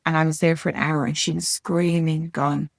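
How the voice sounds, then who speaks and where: A middle-aged woman telling her story as a podcast guest, frank and earnest, with blunt language and quick restarts. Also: low voice, little pitch movement, gravelly, dry recording, clean studio sound. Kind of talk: candid conversational storytelling.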